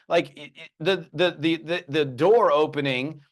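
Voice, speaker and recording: A middle-aged man giving an animated sales training, telling stories and acting out quick bits of dialogue. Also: fairly high pitch. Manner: lively storytelling with acted-out dialogue. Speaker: network marketing trainer.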